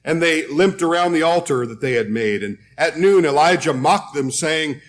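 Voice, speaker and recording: A man's voice: fairly high pitch, lively intonation, normal speed, few pauses. A man preaching a sermon, telling a Bible story in a conversational way and reading scripture aloud.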